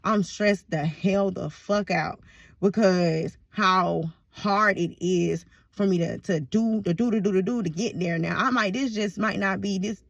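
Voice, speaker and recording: A woman's voice: medium pitch, vocal fry, dry recording. A woman talking to camera in a rambling, casual monologue, swearing freely and laughing often. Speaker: vlogger.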